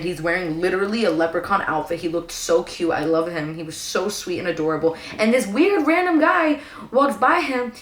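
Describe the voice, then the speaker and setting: Animated slangy New woman, echoey room. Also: medium pitch. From New York. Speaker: storyteller. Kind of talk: casual storytime monologue. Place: at home indoors.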